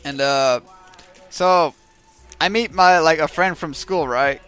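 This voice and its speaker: A man's voice: a little high, slow, a bit bright, smooth, soft background music. A man telling a rambling, profanity-heavy story on a stream. He keeps checking in with his listeners by asking "right?". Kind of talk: casual storytelling.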